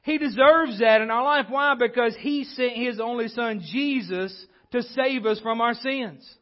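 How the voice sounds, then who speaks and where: Man, pastor, high voice, sermon, conversational, repeats himself, muffled lo-fi recording. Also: measured pace. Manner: conversational preaching with frequent restarts. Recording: dull lo-fi recording.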